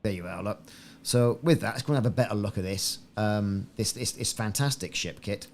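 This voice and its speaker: A man's voice: lowish voice, moderate pace. A man chatting casually to viewers as a game streamer on a live stream, rambling and repeating himself. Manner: musing, repeats himself often. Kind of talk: live-stream gameplay chat.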